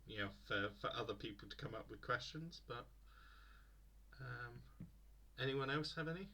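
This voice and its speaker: A man's voice: mid-range voice, animated, normal speed, creaky, bright, forceful tone. A man acting as game master, chatting casually and laughing often while planning a tabletop campaign.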